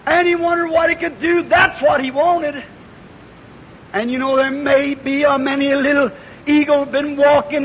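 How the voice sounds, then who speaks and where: A man preaching a fervent revival sermon, telling a parable in a storytelling way that rises into shouts. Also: very high-pitched, fairly even intonation, normal speed. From United States. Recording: lo-fi 1950s hall recording with hiss.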